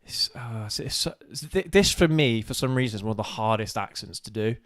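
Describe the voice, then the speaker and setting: A man co-hosting a casual live stream, halting and self-deprecating as he searches for words. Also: fairly low pitch, fairly bright tone. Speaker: co-host of a live show.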